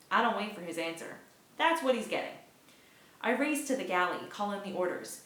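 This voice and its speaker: A woman reads a novel aloud in lively first-person narration, her voice bright and forward. The room gives the voice a clear echo. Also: mid-range voice, moderate pace. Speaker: book reader. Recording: echoey room.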